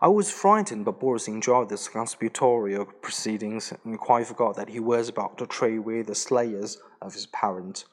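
A man's voice: fairly low pitch, normal speed, few pauses. A man narrating a story in a plain reading voice, with the occasional slip and restart. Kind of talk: audiobook reading.

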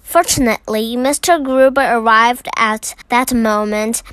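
A woman reads a children's storybook aloud with careful, unhurried delivery. Her voice sits a little high, and the recording is dry and close. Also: a bit bright, clear, resonant tone, no echo. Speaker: reader.

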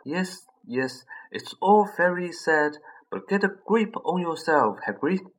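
A man reading an audiobook voicing a strict older woman professor who scolds in a hushed, clipped way. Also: sits high, lively intonation, takes it slowly, pitched above the performer's own voice, full character voice. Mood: scolding. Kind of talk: audiobook character voice.

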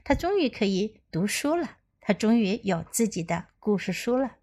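A woman English teacher reading a story to children in two languages and leading practice, in a gentle, encouraging way. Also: medium pitch, sing-song, moderate pace.

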